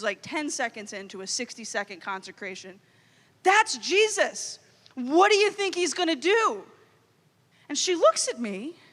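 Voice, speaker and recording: A woman in her thirties from Louisiana, telling a funny story as a youth conference speaker, animated and playful. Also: high voice. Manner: animated, comic storytelling with quoted inner voices. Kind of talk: storytelling keynote talk. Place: large hall. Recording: long hall reverb.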